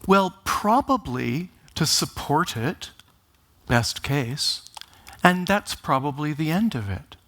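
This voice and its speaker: A man giving a conference talk, speaking deliberately and with emphasis, opening with wry jokes. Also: on the high side, very animated, a bit bright. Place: conference stage.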